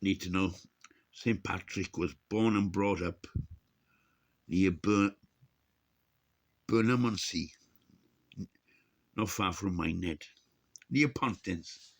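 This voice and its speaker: A man's voice: sits low, slow pace, gravelly, long pauses. A man in his sixties talks in a rambling, casual vlog monologue, chuckling and cursing, his speech slightly unclear from missing teeth. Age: 60s. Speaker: vlogger.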